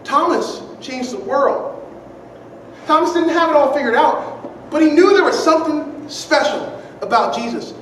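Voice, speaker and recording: High voiced preacher, earnest and repetitive, asks the crowd questions, mic far off in a really echoey room. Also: animated, a little slow, fairly bright tone. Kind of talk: sermon. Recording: very echoey room, distant mic, faint noise.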